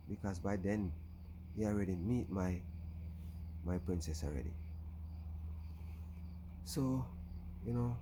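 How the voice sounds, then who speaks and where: Deep-voiced Jamaican man telling a story. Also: noisy background. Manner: rambling, with frequent "you know". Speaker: YouTuber. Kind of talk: casual storytelling vlog.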